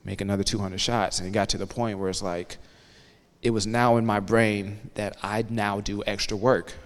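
A man in his thirties giving a motivational talk to students as a guest speaker, telling lively stories and often checking in with the audience. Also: on the low side, normal speed, clear, resonant tone. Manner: energetic storyteller, checks in with the audience. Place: campus hall. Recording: long hall reverb.

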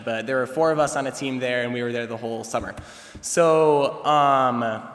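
A young male student tells a story from his summer to a chapel audience. His voice sits at an ordinary middle pitch, and he talks in a relaxed, rambling way full of "um" and "like." Every phrase trails off into the long, echoing reverb of a large chapel. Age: young adult. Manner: casual, rambling, many fillers and restarts. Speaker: student speaker. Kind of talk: personal story at a chapel service.

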